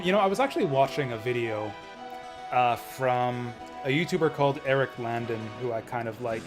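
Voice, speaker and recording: A man's voice: medium pitch, expressive, a little fast, over music. A young man streaming a game and chatting casually, laughing and using lots of filler words. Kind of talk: casual gameplay commentary.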